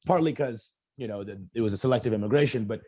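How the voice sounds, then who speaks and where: A man's voice: on the low side, fast talker, darkish tone. A man, a comedian and podcast guest, ranting profanely in a casual chat. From United States.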